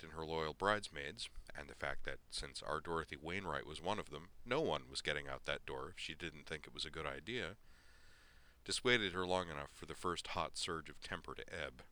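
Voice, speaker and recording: A man reading a story aloud with a very deep voice and a bright, forceful edge. His narration is measured and expressive.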